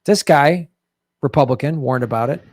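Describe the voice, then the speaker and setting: A man's voice: mid-range voice, normal speed, darkish tone, a little hiss or hum. A man, a stand-up comedian, ranting in sarcastic, heated political commentary. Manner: sarcastic, heated, acts out mocking quotes.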